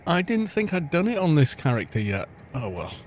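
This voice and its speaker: A man's voice: fairly high pitch, very animated, normal speed, a little hiss or hum. A middle-aged Welsh man chatting casually and rambling as he streams a game, poking fun at himself. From Wales. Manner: self-mocking, rambling, chatty. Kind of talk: casual gameplay chat.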